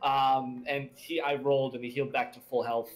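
A man casually narrating his character's turn in a tabletop game, with halting pauses. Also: medium pitch, flat delivery. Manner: halting, filler-heavy.

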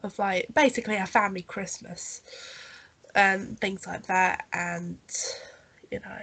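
A woman's voice: mid-range voice, steady tone, a little slow, gravelly, a bit bright, slightly rough. A woman with a cold and a nasal voice, co-hosting a podcast in casual chat, rambling with fillers and coughs. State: has a cold. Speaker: podcast co-host. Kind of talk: casual chat reviewing a holiday special.

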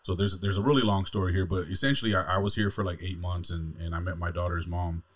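A deep-voiced male podcast host in his forties, from California, rattling off a story at a quick clip. He swears freely and laughs through the telling, keeping it loose and conversational. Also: steady tone. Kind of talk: casual chat, storytelling.

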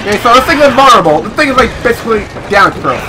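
A young man giving casual, excitable, swearing commentary on his video game play. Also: extremely high pitch, rapid-fire, noisy background. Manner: excitable, swearing, talks to himself. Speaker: gameplay commentator. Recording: game music playing underneath.

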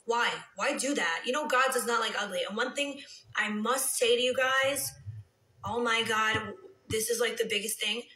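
A woman chatting casually on a live stream, reading comments, drifting into soft whispers and heated rants. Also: on the high side, normal speed, reverberant, low-quality recording. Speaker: reality TV personality on a live stream. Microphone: phone.

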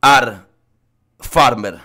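A man from Greece with a Greek accent chatting casually in broken English, animated and slipping into Greek. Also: medium pitch, drawn-out words. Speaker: host. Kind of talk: casual chat.

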